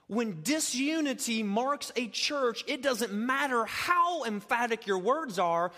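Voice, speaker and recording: A man preaching an expository sermon, moving between quiet explanation and loud, emphatic urging. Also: sits high, big-room sound. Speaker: pastor.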